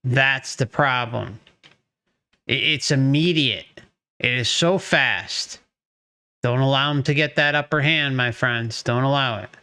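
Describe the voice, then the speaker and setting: A man's voice: mid-range voice, a little slow, sharp tone, smooth. A man hosting a commentary video, reacting emphatically to a clip and repeating his points. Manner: emphatic, repeats himself, cheers the speaker on. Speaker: channel host commenting on a clip.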